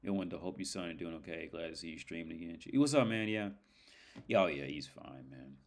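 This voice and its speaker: Deep-voiced man rambling on a stream. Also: a little fast. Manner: rambling, profane, many fillers. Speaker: livestream host. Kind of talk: casual livestream chat.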